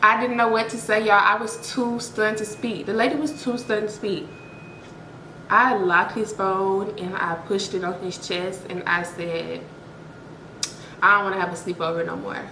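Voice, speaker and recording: Bright, dramatic woman telling a story. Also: mid-range voice, fairly even intonation, a little slow, echoey room, a little hiss or hum, low-quality recording. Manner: dramatic, blunt and profane, addressing viewers directly. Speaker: storytime vlogger. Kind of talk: casual storytelling to viewers.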